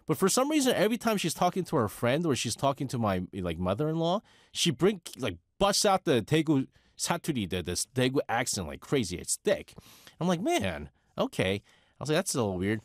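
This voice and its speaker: Lively middle-aged New York radio host. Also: male voice, medium pitch, a little fast, no echo. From United States. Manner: rambling, with many fillers and restarts. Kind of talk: casual radio chat.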